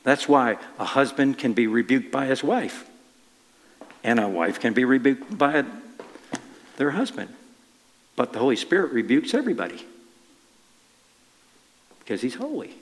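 A man preaching a conversational sermon, telling a personal story in a halting, easygoing way with frequent restarts. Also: medium pitch, sing-song, big-room sound, slight background noise.

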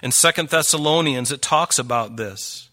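A man's voice: medium pitch, normal speed, sharp tone. A middle-aged man preaching a sermon, earnest and pleading, his voice rising for emphasis.

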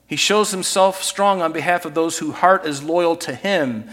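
A man preaching a sermon as pastor, animated and acting out scripture scenes with put-on voices, in a church sanctuary. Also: high-pitched, moderate pace, big-room sound.

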